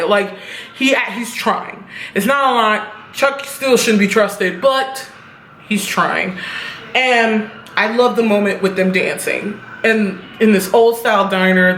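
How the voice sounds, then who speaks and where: A woman recapping a TV episode in a loose, chatty way, blunt and quick to swear. Her voice sits at an ordinary middle pitch. It bounces around a roomy space, with a faint hiss of noise underneath. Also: fairly bright tone. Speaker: TV episode reviewer.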